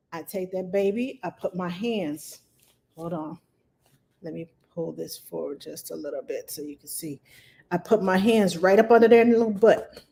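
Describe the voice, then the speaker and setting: This middle-aged woman, a nanny, gives parenting advice during a live stream in a mellow, mid-range voice. Chatty and friendly, she calls viewers by name and breaks her answers into clear steps.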